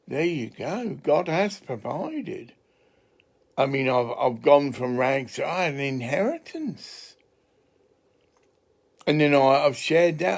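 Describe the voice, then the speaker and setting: Slow, gravelly English man rambling. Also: a little high. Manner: chatty, digressive, swears freely. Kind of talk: casual rambling monologue.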